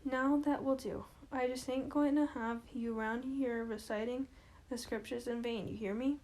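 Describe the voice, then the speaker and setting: A grieving old widow and family matriarch, read by a woman, looking back on lost dreams in a slow, homely drawl. Her voice sits high yet stays dark and mellow. Heard in a plain play reading. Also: steady tone, natural voice. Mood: scolding.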